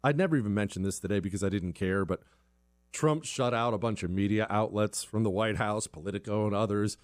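A man's voice: lowish voice, brisk, no echo. A man giving an opinionated monologue as a commentary host, emphatic, repeating phrases and stumbling on words.

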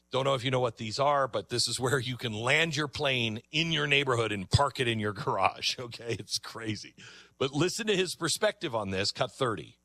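A man hosting a reaction show, commenting emphatically on video clips he plays. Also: no room sound. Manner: animated, emphatic, jumps pitch when excited. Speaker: commentary host.

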